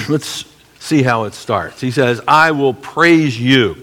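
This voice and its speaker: A middle-aged man leads a Bible lesson, talking his listeners through the verses step by step. His delivery is measured and explanatory, with an ordinary mid-range voice. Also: medium pitch, background noise. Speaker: Bible teacher.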